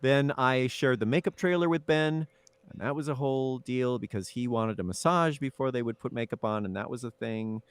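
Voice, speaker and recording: A man, a film actor, telling lively anecdotes in a casual interview, with chuckles and restarts. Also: medium pitch, normal speed, clear, resonant tone, no echo.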